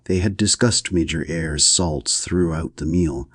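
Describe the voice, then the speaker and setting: A man narrates a novel for an audiobook in a steady, even reading. His voice is very deep with a husky edge. The sound is close and dry, with no room echo. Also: measured pace. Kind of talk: scripted narration.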